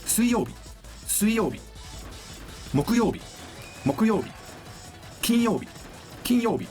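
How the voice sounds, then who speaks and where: Male teacher, upbeat and chatty, rapid-fire with a lively pitch, drills words by repetition. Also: faint music behind. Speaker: language teacher. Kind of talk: recorded beginner lesson.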